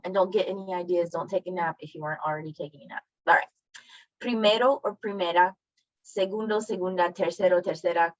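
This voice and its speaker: A woman's voice: on the low side, dry recording, highs cut off. A woman teaching a Spanish class over a video call, explaining grammar in a friendly, chatty way and often apologizing. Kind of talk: online class lesson.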